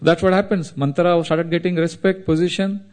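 A man preaching a devotional sermon, telling stories in an animated way and laughing often. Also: a little high, a little fast.

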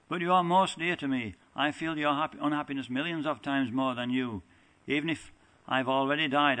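A man's voice: mid-range voice, sharp tone, poor audio. A man reading aloud the part of a tender, teasing young divine lover, plainly and earnestly from a scripture text.

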